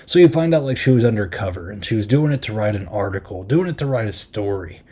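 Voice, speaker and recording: Low mellow man rambling casually. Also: animated, slightly rough. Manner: rambling, filler-heavy recap with frequent "like" and "um"; easily amused, retells scenes with quick half-acted quotes. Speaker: podcast host reviewing a horror film. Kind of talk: casual chat.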